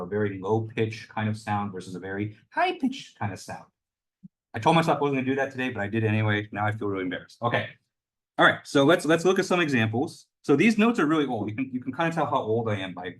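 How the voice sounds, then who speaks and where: A young adult man lectures at a university as the instructor, his voice fairly low and slightly bright. He explains things loosely, hedging constantly and leaning on fillers like "you know" and "kind of."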